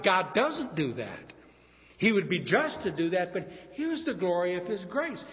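A male pastor delivers a sermon at an unhurried, deliberate pace. His impassioned voice sits a little high and swings from hushed pleading to loud emphasis. The recording is muffled and lo-fi, with a long reverb trailing off each phrase. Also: sing-song. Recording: dull lo-fi sound in a reverberant hall.

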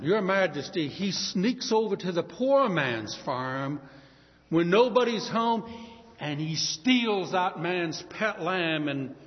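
Casting: animated male preacher telling a Bible story, slightly high voice, echoey hall, muffled. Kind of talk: dramatic sermon storytelling.

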